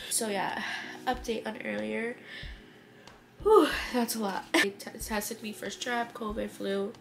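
A young woman from Connecticut talks to her camera in a loose, filler-heavy vlog style, her voice stuffy with a cold and edged with vocal fry. She sounds emotional and open, and background music plays under her. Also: fairly high pitch, steady tone, slow. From Connecticut, USA. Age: 20s. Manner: emotional, tearful, chatty with many fillers. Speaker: vlogger, new mother. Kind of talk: casual vlog chat to camera.

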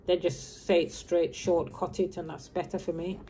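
A woman's voice: fairly low pitch, fairly even intonation, moderate pace, warm tone, slight background noise. A woman in her fifties who grew up in Birmingham, chatting casually to camera in a meandering way and dropping her H's. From grew up in Birmingham, England. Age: 50s. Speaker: vlogger. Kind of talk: casual rambling chat.

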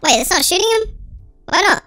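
Chipmunk-filtered let's-play host, excitable and dramatic, very high and piercing. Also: fairly quick, dry recording, faint music behind. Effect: sped-up chipmunk voice filter. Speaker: gaming channel host. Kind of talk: let's-play gameplay commentary.

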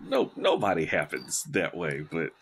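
A man hosting a podcast, reacting to his guest with relaxed, enthusiastic remarks in casual chat. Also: extremely low pitch, moderate pace, slight background noise. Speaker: podcast host.

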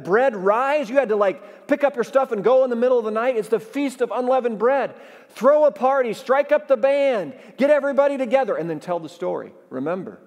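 A man preaching a sermon as pastor, talking in a lively, conversational way and getting the congregation to call back to him. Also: high-pitched, long reverb tail. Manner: animated, conversational preaching with audience call-and-response. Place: church sanctuary.

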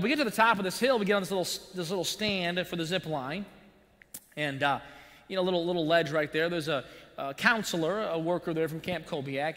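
A man preaching a sermon as pastor, telling a personal story in an animated way with buzzing sound effects. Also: high-pitched. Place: church sanctuary. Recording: long church-hall reverb.

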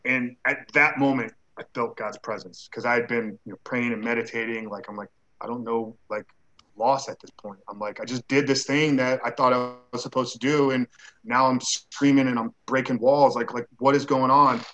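A man's voice: mid-range voice, steady tone, moderate pace, sharp tone, dull audio. A man who is a guest on an interview show, telling a personal story in a casual way. He acts out the dialogue he quotes and uses many "like" fillers.

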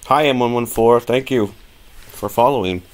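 A man's voice: medium pitch, moderate pace, slight background noise. A man casually talking through a live-streamed modeling tutorial, thinking aloud with plenty of fillers and restarts.

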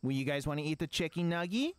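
A man streaming a game plays a dad in a comic bit, scolding and cooing like a parent. His voice sits a touch high and jumps around with lively swings. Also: quick pace, clear, resonant tone. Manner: mock-parental, scolding and sing-song. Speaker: gaming streamer. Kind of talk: comic role-play as a dad.

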